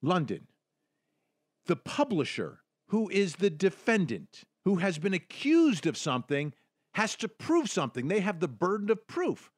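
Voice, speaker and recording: Animated American man hosting legal talk. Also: high voice, measured pace, dry recording, clean studio sound. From United States. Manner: animated, emphatic, repeats phrases for emphasis. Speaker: host. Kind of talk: legal commentary show.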